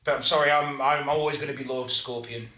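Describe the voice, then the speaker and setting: A man's voice: mid-range voice, steady tone, fast talker, bright, forceful tone. A man in his thirties co-hosting a wrestling stream with playful, joking banter. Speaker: co-host commentator. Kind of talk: casual streamed wrestling commentary chat. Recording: echoey room with faint noise.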